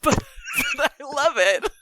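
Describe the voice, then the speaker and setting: A woman's voice: high voice, fairly bright tone, no room sound. A woman in her thirties, chatting as a guest in a casual conversation and laughing often.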